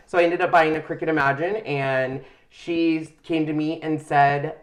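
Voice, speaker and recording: A man's voice: a little high, moderate pace, few pauses. Give me a heartfelt middle-aged man hosting a casual chat. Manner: emotional, heartfelt storytelling. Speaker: channel host.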